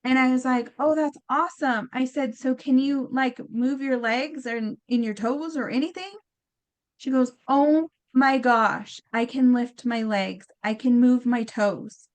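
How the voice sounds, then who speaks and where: A woman with a fairly high voice tells a story in casual chat. She is animated and acts out each quote, with plenty of fillers and restarts. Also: a little slow. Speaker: guest healer.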